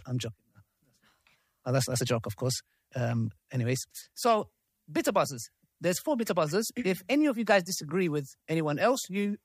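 A man's voice: on the high side, dry recording, studio quality. A man hosting a live panel discussion who reads messages aloud with asides and frequent checks with the room. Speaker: host of a debate panel.

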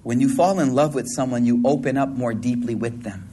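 A preacher delivers a sermon to an audience in a hall, blending casual slang with religious teaching and acting out animated voices. His voice is medium-pitched and a little fast, with a faint hiss or hum in the recording.

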